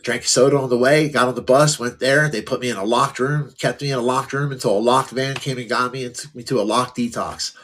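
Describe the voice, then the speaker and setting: A man's voice: mid-range voice, fairly even intonation, brisk, few pauses, fairly bright tone, a little hiss or hum. A middle-aged man telling his life story candidly as a podcast guest, casual, full of "like" and "um". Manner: casual, many fillers like "like" and "um".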